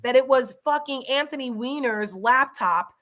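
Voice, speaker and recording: A woman's voice: high voice, normal speed, fairly bright tone. A woman, a former congressional staffer, in casual political chat, blunt and swearing, reading old headlines with relish. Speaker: podcast co-host.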